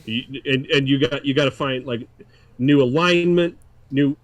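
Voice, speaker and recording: A man's voice: mid-range voice, unhurried, dry recording, poor audio. A man running a tabletop game as dungeon master, rambling and laughing as he talks. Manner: rambling, restarts, laughs often.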